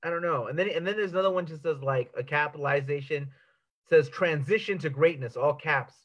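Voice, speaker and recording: In a casual chat, a man with a slightly high, fairly bright voice talks a little fast, stumbling over his words and picking apart small details with amused disbelief. The audio is dull and lo-fi.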